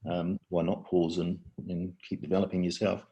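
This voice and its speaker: Very deep-voiced, hesitant male guest. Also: level tone, normal speed, mellow, lo-fi sound. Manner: hesitant, lots of ums and restarts. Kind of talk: casual conversational interview.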